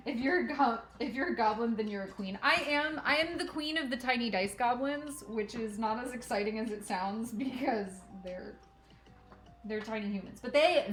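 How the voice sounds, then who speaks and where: A woman's voice: a little high, fairly bright tone. A woman hosting a crafting livestream, chatting casually and giggling while she sorts thread at home, talking to herself and her cat. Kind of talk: casual chat while working. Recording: echoey room, faint music.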